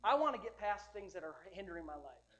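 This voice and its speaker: A man preaching a sermon as pastor, emphatic, swinging between loud urging and quiet storytelling, often repeating words and restarting sentences. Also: high-pitched, expressive, fast.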